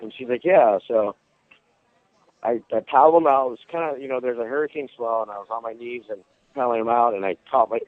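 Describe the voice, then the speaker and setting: A man's voice: mid-range voice, brisk, no room sound. A man phoning into a show, casually telling a surfing story and acting out the people in it. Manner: animated storyteller, acts out quoted voices. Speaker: phone-in guest, surf instructor. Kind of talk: casual phone chat, storytelling. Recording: dry, tinny phone line.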